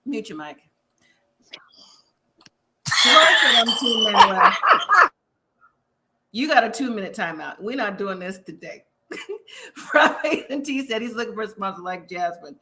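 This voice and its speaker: A woman co-hosting a live review show, chatting casually, animated and laughing often with rhetorical questions. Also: on the high side, a little slow, pauses often, background noise. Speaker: podcast co-host.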